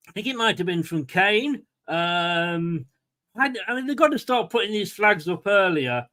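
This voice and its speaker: A man's voice: sits high, animated, normal speed, bright, forceful tone. A man hosting a casual live watchalong, commenting on play and chatting with viewers by name. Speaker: fan channel host.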